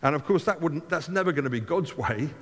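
A man's voice: on the high side, lively intonation, fairly quick. Man, preacher, bible reading with asides, conversational, long hall reverb. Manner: reads scripture then breaks off to comment conversationally.

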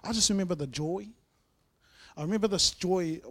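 A man sharing his personal testimony in church, telling his story earnestly, with swings between loud and soft. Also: high voice, moderate pace. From New Zealand. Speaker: guest speaker sharing testimony.

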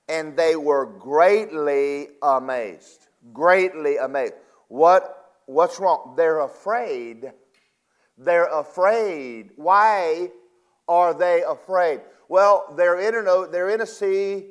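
A man preaching a sermon, retelling scripture in casual paraphrase, with emphatic loud bursts and quiet, drawn-out asides. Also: on the high side.

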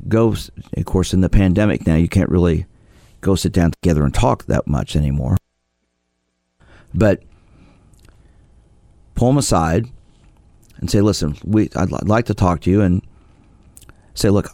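A man's voice: lowish voice, darkish tone, no room sound, clean studio sound. A middle-aged man hosting a sports psychology radio show, telling client stories in a loose, conversational way with many restarts. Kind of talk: radio talk show monologue.

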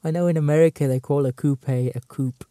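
A man's voice: a little high, fairly even intonation, brisk, warm tone, no echo, clean studio sound. A man hosting his own show, reading out jokes one by one and trying hard not to laugh, muttering and stifling giggles between them. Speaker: host.

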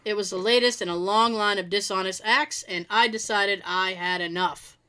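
Reading listener-submitted work stories in a casual way, a woman speaks at normal speed in a mid-range voice that is bright, forceful, clear and resonant. She laughs frequently and adds witty asides between stories.

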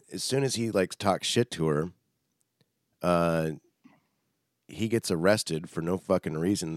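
A man's voice: low-pitched, no echo, studio quality. A young man casually chatting as a podcast co-host, rambling and swearing a lot. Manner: profane, rambling, animated. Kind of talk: casual chat.

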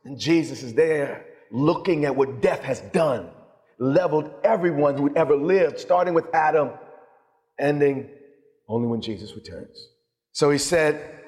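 Male preacher, higher-pitched, fervent and emphatic with stumbling repeats, long hall echo. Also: unhurried, a little mellow. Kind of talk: sermon.

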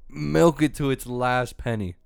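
A young man co-hosting a laid-back podcast, rambling on and often losing track of what he was saying. His voice is smooth and clear at an ordinary pitch. The recording is dry and close. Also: unhurried, no echo. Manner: rambling, loses his train of thought. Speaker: podcast co-host. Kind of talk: casual chat.

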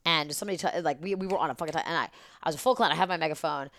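A woman's voice: low-pitched, racing, a bit bright. A woman guest on a podcast, telling a story in casual, rambling, profanity-laced chat. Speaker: event producer.

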